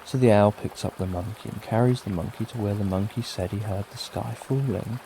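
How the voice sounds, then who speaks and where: Gravelly British man telling sleep stories. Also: on the low side, a little fast, few pauses, a little hiss or hum. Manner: gentle, repetitive, lulling. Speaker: sleep story narrator. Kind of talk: slow soothing bedtime storytelling. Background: soft rain.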